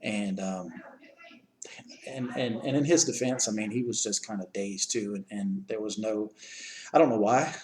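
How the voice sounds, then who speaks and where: A man's voice: lowish voice, normal speed, darkish tone, slight background noise, poor audio. A man earnestly retelling a rescue to the person he helped save, stopping and restarting often and repeating words. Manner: earnest, plain-spoken. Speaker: eyewitness recounting a rescue.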